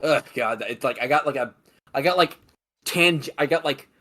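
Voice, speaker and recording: A man's voice: mid-range voice, moderate pace, pushed and bright, husky. A man co-hosting a stream, giving strong opinions and swearing freely while talking about a video game. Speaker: stream moderator and co-host.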